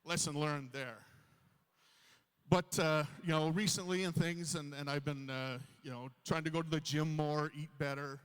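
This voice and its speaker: Fifties stand-up comic, self-deprecating, slightly high voice, live on a reverberant stage. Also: male voice, fairly even intonation, moderate pace, fairly bright tone, clean tone. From Canada. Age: 50s. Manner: self-deprecating storytelling to a crowd. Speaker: stand-up comedian. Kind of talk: stand-up comedy set. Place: large hall on stage.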